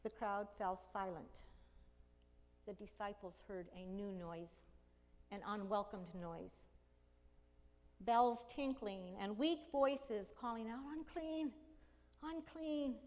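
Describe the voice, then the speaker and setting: A woman preaching a sermon, retelling a story dramatically and slowly, with emphatic cries in the quoted lines. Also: medium pitch, darkish tone. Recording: long hall reverb.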